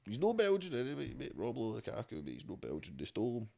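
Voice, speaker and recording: A man's voice: mid-range voice, huge pitch swings, fast talker, vocal fry, darkish tone. A man with a Scottish accent, a rapper talking as a podcast guest at home in a loose, rambling, swearing-heavy casual chat.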